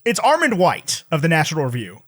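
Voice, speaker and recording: A man's voice: fairly high pitch, wildly swooping pitch, fairly bright tone. A man hosting a casual movie podcast, leading the talk with wry quips. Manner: wry, quick quips, leads the segment. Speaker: podcast host.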